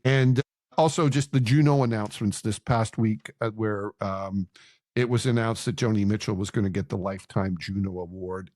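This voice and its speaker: A man's voice: on the low side, a little mellow, dry recording, clean studio sound. An older retired man with a Canadian accent co-hosting a casual podcast, enthusiastic and rambling with fillers. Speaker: podcast co-host. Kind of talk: casual chat.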